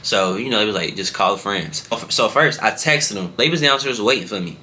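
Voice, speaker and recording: A young man vlogger telling a story in casual slang. His voice jumps up in pitch when he acts out what people said. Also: a little fast, a little hiss or hum. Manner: animated, slangy, jumps high in pitch when acting out quotes.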